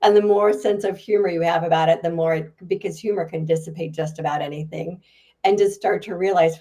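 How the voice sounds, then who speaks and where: A guest author and speaker, this woman talks briskly in a fairly low voice. She answers podcast interview questions in a chatty, animated way, with frequent laughs.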